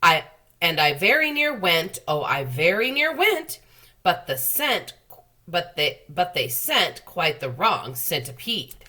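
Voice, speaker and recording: A woman voicing an excitable, boastful male centipede who shouts and chants rhymes in a storybook reading. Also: slow pace, heavily acted. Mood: jubilant. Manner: shrill, shouting, sing-song rhymes.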